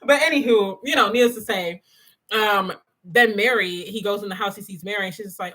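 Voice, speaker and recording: A woman hosting a morning devotional livestream, talking in a chatty, animated way with lots of "y'all" and "you know," and reading viewers' comments. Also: medium pitch, brisk, rough recording. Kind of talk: casual faith talk, reading live comments.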